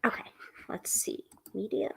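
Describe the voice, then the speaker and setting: A woman's voice: a little slow, bright, forceful tone, whispered. A woman hosting a livestream, talking in a chatty, rambling way that often interrupts itself. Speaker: host. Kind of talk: casual livestream chat.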